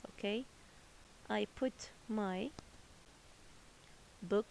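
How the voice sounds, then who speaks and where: Teacher lady going real slow over her words, bit of gravel in the voice, faint hiss behind. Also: medium pitch, a little mellow, rough recording. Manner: slow, patient, repeats each word twice. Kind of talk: English phonics lesson for children.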